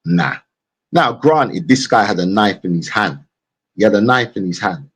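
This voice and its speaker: A man's voice: fairly low pitch, moderate pace, breathy edge. A man with a London accent ranting on a live stream, mocking and repeating himself. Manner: mocking, repetitive, animated. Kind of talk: casual live-stream rant.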